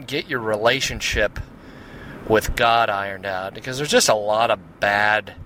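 A man's voice: lowish voice, measured pace, pushed and bright, a little hiss or hum, rough recording. A man from the Seattle area with an American accent, hosting his podcast in a casual, rambling monologue that wanders off on tangents. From Seattle area, USA. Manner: chatty, wanders off on tangents, many fillers. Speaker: podcast host.

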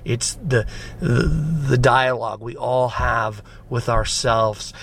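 A man's voice: medium pitch, level tone, slow pace, fairly bright tone, slight background noise. A man preaching a conversational sermon, often checking in with his listeners.

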